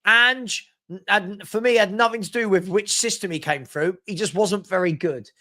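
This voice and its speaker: Chatty host, higher voice. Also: male voice, normal speed. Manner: chatty and teasing, gives shout-outs, laughs at comments. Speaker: host of a live football transfer show. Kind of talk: live-stream chat, reading viewer comments.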